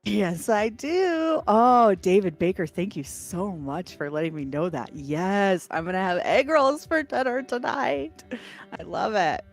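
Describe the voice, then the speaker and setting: A woman with a New York accent co-hosting a livestream, reading viewer messages in a bubbly, animated way and laughing often. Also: mid-range voice, measured pace. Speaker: livestream co-host reading chat. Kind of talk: casual livestream chat.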